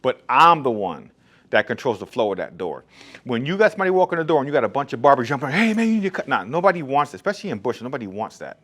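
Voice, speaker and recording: A man's voice: mid-range voice, very animated, fast talker, fairly bright tone. A man who owns a barbershop, talking bluntly and emphatically in a casual monologue about his shop rules. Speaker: barbershop owner. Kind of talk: casual straight-talk monologue.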